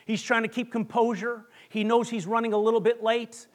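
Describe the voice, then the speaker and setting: A man preaching a sermon, telling a long joke story with dramatic pauses that drop to a hush. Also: very high-pitched, flat delivery. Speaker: pastor.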